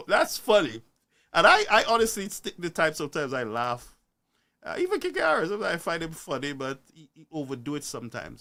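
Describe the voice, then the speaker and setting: Male streamer, preachy live rant, lively swooping pitch, slightly high voice. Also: gravelly. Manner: animated, preachy, rhetorical questions. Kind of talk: ranting live-stream commentary.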